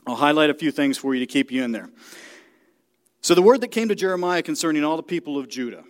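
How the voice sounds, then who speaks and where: A man's voice: on the high side, lively intonation, fast. A man preaching a sermon in a church, speaking directly to the congregation and often checking that they follow.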